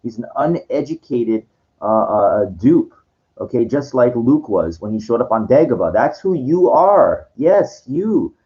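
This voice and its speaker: This vlogger's voice is mid-range, warm, and sing-song, and he speaks a little slowly. Even so, he rants at a viewer in a condescending lecture to camera while answering comments, stumbling and restarting sentences along the way. Everything comes through dull lo-fi sound.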